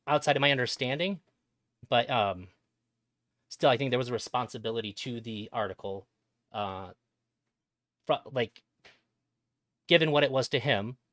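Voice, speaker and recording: A man's voice: medium pitch, normal speed, long pauses, fairly bright tone, no echo. Earnest man reasoning on a dry mic. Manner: earnest, reasoning at length with fillers. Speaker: guest. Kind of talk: casual discussion.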